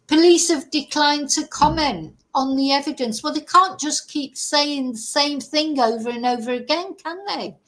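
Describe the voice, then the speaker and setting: A woman's voice: sits high, normal speed, few pauses, fairly bright tone. A woman hosting a commentary vlog, scornful and exasperated, reading out a news article and picking it apart with sarcasm. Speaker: commentary channel host.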